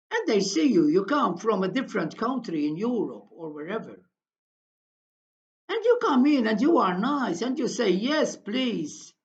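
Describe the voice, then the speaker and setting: Older lady telling a story slow and deliberate, lively up-and-down voice, muffled lo-fi audio. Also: on the high side. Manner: slow, deliberate, repeats phrases. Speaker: commentator. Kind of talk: storytelling monologue to viewers. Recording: dull lo-fi recording.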